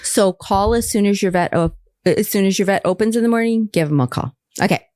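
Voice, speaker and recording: A woman's voice: mid-range voice, brisk, a little mellow, dry recording, studio quality. A middle-aged woman hosting a podcast, chatty and playful as she quizzes her guest. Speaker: podcast host. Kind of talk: casual chat.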